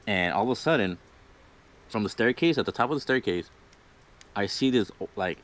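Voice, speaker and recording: A young man, a guest storyteller on a livestream, casually rambles through a personal ghost story, swearing freely and laughing between lines. His voice sits low and moves briskly.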